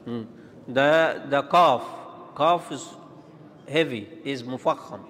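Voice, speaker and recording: A man teaching Quran pronunciation, demonstrating and contrasting letter sounds in a halting, repetitive way. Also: mid-range voice, fairly bright tone. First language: Arabic. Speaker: tajweed teacher. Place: large mosque hall. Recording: long reverb of a large hall.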